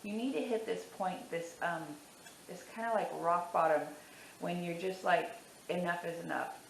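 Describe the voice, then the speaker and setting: Gravelly-voiced woman vlogging, teary and candid. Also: lowish voice, moderate pace, reverberant, slight background noise, poor audio. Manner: candid, emotional, repeats herself for emphasis. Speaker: weight loss vlogger. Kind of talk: casual to-camera vlog.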